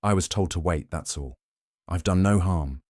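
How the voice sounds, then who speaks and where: A nervous, stammering coachman who rushes his answers, as a man puts him on. The voice is low and dark, and the recording sounds dry and close. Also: dry recording. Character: nervous stammering male coachman, lower-class.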